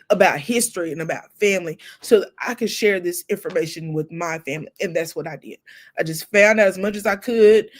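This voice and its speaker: A middle-aged woman hosting a casual chat stream, telling emotional family stories with laughs and soft asides. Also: on the low side. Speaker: host. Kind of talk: casual heartfelt storytelling.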